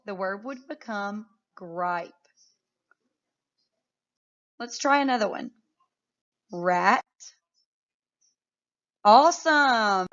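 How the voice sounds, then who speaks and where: A woman teaching a phonics lesson to young children, sounding out words clearly and praising often. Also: mid-range voice, fairly bright tone, muffled recording.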